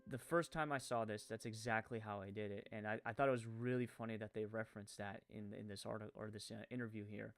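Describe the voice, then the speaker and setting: A man's voice: on the low side, steady tone, fast talker, few pauses, no echo. A man with a French-Canadian accent giving rambling live-stream commentary, full of fillers, who corrects his own stumbles.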